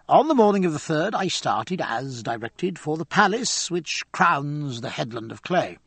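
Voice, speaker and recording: A man reading an old travel memoir aloud in an expressive, theatrical way. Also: on the high side, gravelly, breathy edge, no echo.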